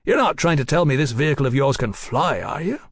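A man's voice: fairly high pitch, lively intonation, fast, no room sound. A man voicing a dry, skeptical male scientist in an audiobook, with a wry manner.

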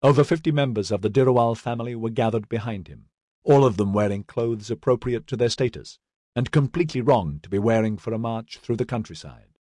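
Man, audiobook narrator, steady, low-ish husky voice, dry close recording. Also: a little fast, no echo. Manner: steady, even storytelling. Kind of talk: scripted narration.

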